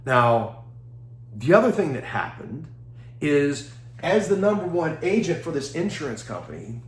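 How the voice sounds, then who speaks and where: A man from Texas giving a seminar talk, telling a story with lively acted-out dialogue and frequent laughs. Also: fairly high pitch, measured pace. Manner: animated, acts out quoted dialogue, laughs often. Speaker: seminar speaker. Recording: echoey room.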